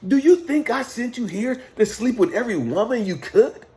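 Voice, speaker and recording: A man voicing a stern male God who questions him, probing and mocking at first, then scolding and swearing. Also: fairly high pitch. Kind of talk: retold dialogue in a motivational monologue.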